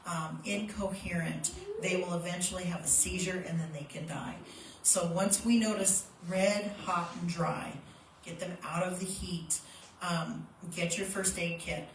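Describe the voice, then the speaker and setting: A woman CPR instructor with a lowish voice leads a hands-on first aid workshop for a live group, teaching in a plain, practical, demonstrative way and acting out shouts. She uses a handheld mic held a bit off and at a distance, and the workshop room sounds echoey with a faint background hum.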